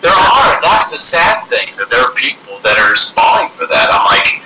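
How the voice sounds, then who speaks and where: Man, actor guest, casual interview chat, storyteller who acts out voices, lively pitch, echoey room, loud background noise. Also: normal speed, few pauses. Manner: animated storyteller, acts out voices, laughs often.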